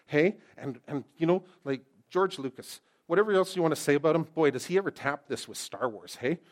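A middle-aged man preaching a sermon as pastor, lively and joking, swinging from loud emphasis to quiet, intense passages. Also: on the high side, brisk.

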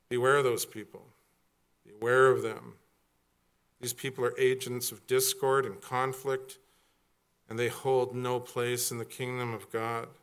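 A man's voice: mid-range voice, fairly bright tone. A middle-aged man preaching a sermon as a pastor, conversational and jokey, sometimes acting out other people's voices.

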